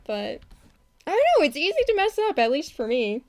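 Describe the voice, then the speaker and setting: Female streamer, slightly high voice, loose casual chatter full of giggles and restarts. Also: huge pitch swings, normal speed. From not from Texas. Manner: rambling, giggly, laughs often, many restarts. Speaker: animator streaming her work. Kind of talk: casual live-stream chat while working.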